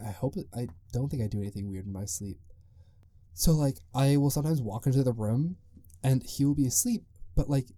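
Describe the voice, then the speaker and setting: A man's voice: mid-range voice, warm tone, no echo, clean studio sound. A young man hosting a casual solo podcast, rambling with lots of "like" and frequent chuckles. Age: young adult. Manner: rambling, peppered with "like", chuckles often. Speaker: podcast host.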